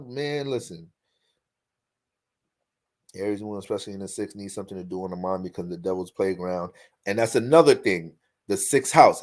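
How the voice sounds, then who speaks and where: A man giving casual astrology commentary in an animated way, joking, swearing freely and laughing often. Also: mid-range voice.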